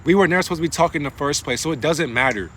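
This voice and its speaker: Bright-voiced man preaching spirituality. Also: on the high side, racing. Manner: rambling, profane, preachy. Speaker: spiritual vlogger. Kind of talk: casual spiritual monologue. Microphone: phone.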